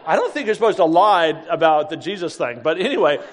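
Animated storytelling man in a large hall. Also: on the high side, fast. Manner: lively, acts out quoted voices, laughs often. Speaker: speaker telling a personal story. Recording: long hall reverb.

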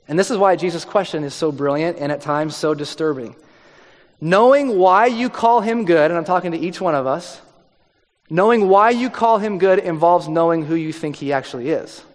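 A man preaching a sermon in a conversational way, dropping his voice low for emphasis. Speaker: pastor. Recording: long hall reverb.

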